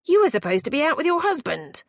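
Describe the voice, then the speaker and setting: A woman's voice: high-pitched, very animated, quick pace, no echo, clean studio sound, pitched above the performer's own voice. A woman voicing a well-spoken male intruder who talks in a clipped, sneering way, in an audiobook. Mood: curt.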